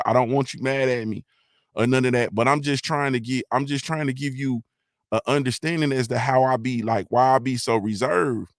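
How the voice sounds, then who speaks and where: A man's voice: medium pitch, no room sound, studio quality. A middle-aged man from Ohio, by way of Mississippi, hosting a casual live-stream morning show, rambling loosely, repeating "you feel me," and swearing freely.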